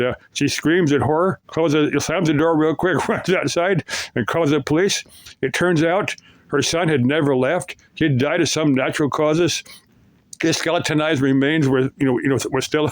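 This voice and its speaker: A man's voice: mid-range voice, dry recording. Rambling man retelling creepy stories. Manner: rambling, full of fillers and restarts. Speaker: storyteller.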